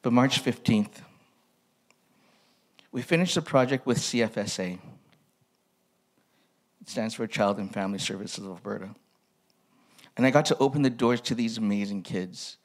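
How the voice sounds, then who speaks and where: A man's voice: on the low side, normal speed, pauses often. Candid, self-mocking male pastor. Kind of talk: personal sermon reading from an old journal.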